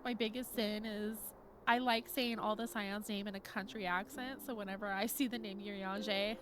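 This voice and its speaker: A young woman streams a video game, chatting casually with her viewers, reading their chat, giggling and gushing about the characters. Her mid-range voice keeps a fairly even intonation at a moderate pace. Game music plays underneath, with some background noise.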